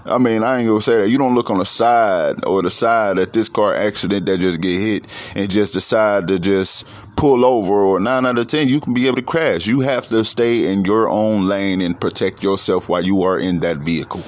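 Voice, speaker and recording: A man's voice: on the low side, normal speed, few pauses, dry recording. A man talking in a casual, profane, rambling monologue, preaching his views.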